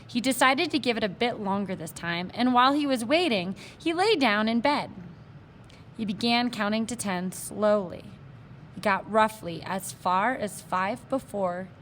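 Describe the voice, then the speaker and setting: A woman's voice: mid-range voice, expressive, measured pace, a bit bright, a little hiss or hum. A woman reading a children's novel aloud, with the odd aside and slip. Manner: plain read-aloud with small asides and slips. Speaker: reader.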